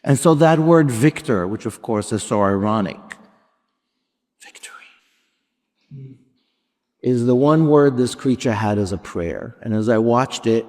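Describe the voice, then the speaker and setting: A male rabbi preaches in a mid-pitched voice and carries the story along with pauses and soft dips. His words trail off into the long reverb of a large sanctuary. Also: lively intonation. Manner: reflective, dramatic pauses and shifting volume. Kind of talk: sermon with storytelling. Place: large sanctuary before a congregation.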